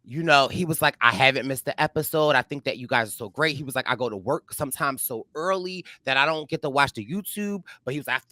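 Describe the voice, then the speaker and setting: Bright-voiced man telling animated stories. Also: on the high side, a little fast, few pauses, no echo, studio quality. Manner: animated storyteller, acts out quotes, many fillers. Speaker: podcast co-host. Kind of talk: casual chat.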